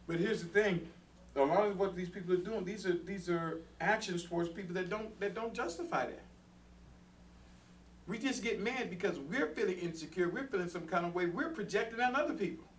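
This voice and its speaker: A man with a fairly high voice leads a Bible study in an earnest, plain-spoken way, acting out everyday arguments for his listeners. He sits some way from the microphone, and a faint hiss runs under his voice. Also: fairly quick. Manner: earnest, talks to the room, acts out everyday quarrels. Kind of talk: conversational Bible study sermon. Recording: distant mic with faint background noise.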